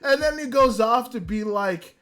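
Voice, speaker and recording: Animated man ranting about anime. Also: very high-pitched, unhurried, clear, resonant tone. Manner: animated, swears freely, rambling restarts. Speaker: podcast host. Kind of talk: casual anime review rant.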